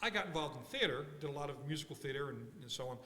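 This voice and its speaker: Man in his own workshop talk, lively and forceful, thinks out loud, long conference hall reverb. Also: a little high, rapid-fire. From Philadelphia, USA. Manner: animated, thinking aloud with restarts. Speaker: workshop speaker.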